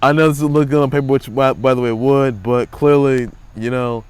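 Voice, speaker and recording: Smooth-voiced rambling sports host, man. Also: medium pitch, fairly even intonation, fairly quick, no room sound. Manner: rambling, repeats phrases, mocking and trolling. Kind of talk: casual sports commentary.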